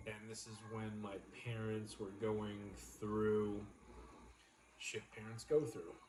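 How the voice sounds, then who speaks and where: A man's voice: on the low side, completely flat delivery, takes it slowly, darkish tone. Joking man streaming from an echoey room. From New York. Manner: joking, rambling banter with viewers. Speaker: livestream co-host. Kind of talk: casual livestream chat. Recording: echoey room, faint noise.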